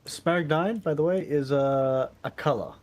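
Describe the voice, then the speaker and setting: A man's voice: medium pitch, animated, moderate pace. A man chatting with a streamer about a game, explaining things with hesitant fillers. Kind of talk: casual gaming chat.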